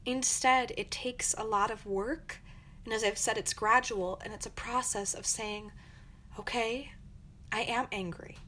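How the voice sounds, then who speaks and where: A woman's voice: on the high side, fairly even intonation, a little slow, bright, forceful tone, slight background noise. A young woman hosting her own podcast, giving earnest, encouraging advice in a reflective monologue. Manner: earnest, encouraging, acts out angry quotes. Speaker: podcast host.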